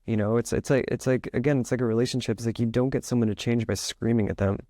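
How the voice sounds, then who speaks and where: Quick and steady, a man's mid-range voice with a dark tone comes through in studio quality without echo. A podcast guest who writes and makes music, he rambles casually, uses "like" a lot, and acts out what was going through his head.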